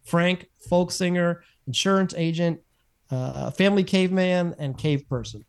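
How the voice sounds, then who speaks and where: A podcast co-host speaks a little slowly in a high, clear voice with a resonant tone. His casual talk wanders, he keeps correcting himself, and he chuckles now and then.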